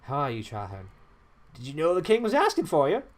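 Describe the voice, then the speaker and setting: A man voicing a polite, earnest young male squire, close to his own voice and a little lower. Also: wildly swooping pitch, brisk.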